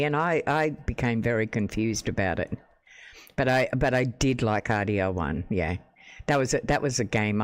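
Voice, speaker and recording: A man chatting casually with his live-stream viewers from home into a desk microphone, rambling, restarting sentences and laughing often. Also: mid-range voice. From Australia. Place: home room.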